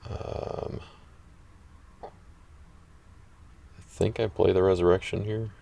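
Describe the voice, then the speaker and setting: Deep gravelly man talking through a card game. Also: steady tone, dark tone. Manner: halting, thinks aloud with many fillers. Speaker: card game player and channel host. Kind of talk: casual gameplay chat. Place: playing an online card match.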